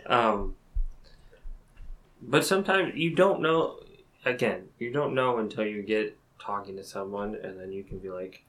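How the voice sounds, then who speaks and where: Earnest man with a bright voice. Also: fairly low pitch, a little slow, low-quality recording. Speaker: podcast co-host. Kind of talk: casual chat.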